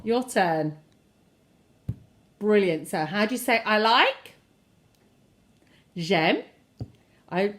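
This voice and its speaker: A woman's voice: unhurried, pauses often. A woman teaching a children's French lesson, repeating phrases and inviting the listener to say them back with encouraging praise. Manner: very animated pitch, plays with intonation.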